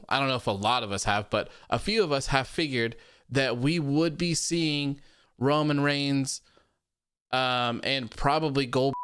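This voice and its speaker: A man with a smooth, clear voice at a middle pitch hosts a relaxed show, reading out viewer comments. He repeats himself and laughs often, and his voice sounds dry and close. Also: no room sound. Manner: loose, repetitive, laughs often. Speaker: podcast host.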